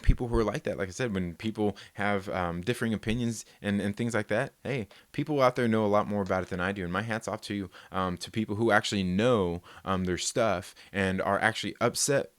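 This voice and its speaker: A man's voice: on the low side, a little fast, hardly any pauses, a bit bright, no room sound. A man, hosting a casual live stream, rambling and reading viewer comments with lots of laughs. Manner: rambling, laid-back, laughs often.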